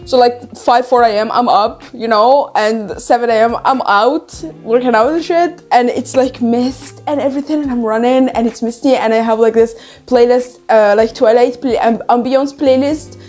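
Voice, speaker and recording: A woman's voice: fairly high pitch, fairly even intonation, moderate pace, a little mellow, soft background music. A young woman with a slight non-native accent rambles casually about a book she is reading, full of fillers and asides. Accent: non-native English. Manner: chatty and rambling, lots of fillers. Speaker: book vlogger. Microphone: handheld mic, then set in lap.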